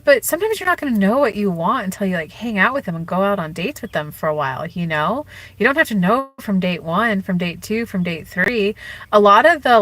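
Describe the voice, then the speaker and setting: A woman talks through relationship advice on a live stream, chatty and loose, with lots of "like" and "you know". Her voice is bright and forward. The sound is dry, with no room echo. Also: mid-range voice. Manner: acts out quoted speech in changed voices. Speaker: relationship and spiritual coach.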